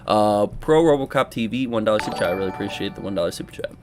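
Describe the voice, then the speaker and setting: With music playing in the background, a young commentary host races through his reaction in a lowish voice. He's animated and casual, exclaiming, joking with viewers, and tossing in sarcastic asides.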